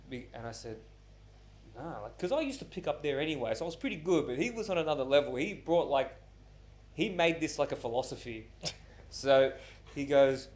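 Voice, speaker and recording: Casual male podcast host, twenties to thirties, animated storyteller, swears a lot, middle pitch. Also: moderate pace, a little hiss or hum. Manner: animated storyteller who acts out quoted voices, swears often.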